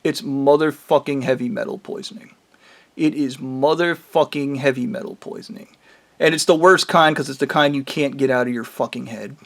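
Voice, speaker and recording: A man's voice: mid-range voice, steady tone, normal speed. A man giving an angry, profane monologue to his viewers. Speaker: vlogger.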